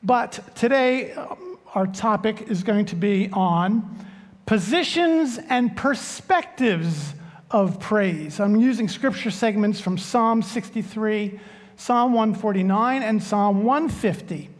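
Male pastor, slow joking sermon delivery, long church reverb. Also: high voice, lively intonation. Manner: unhurried, joking storyteller.

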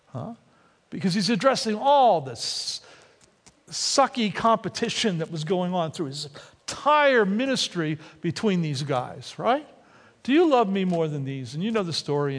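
A man preaches a sermon with a high, lively voice that climbs and falls as he acts out the quotes. The sound carries the long reverb of a church sanctuary. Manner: animated, acts out quotes with rising and dropping voice. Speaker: pastor.

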